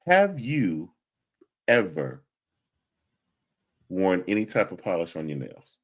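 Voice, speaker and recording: A man's voice: deep voice, huge pitch swings, slow. A man co-hosting a podcast, asking questions and chatting casually with frequent restarts. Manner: conversational, asks questions, hesitant restarts. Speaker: podcast co-host. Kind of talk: casual chat.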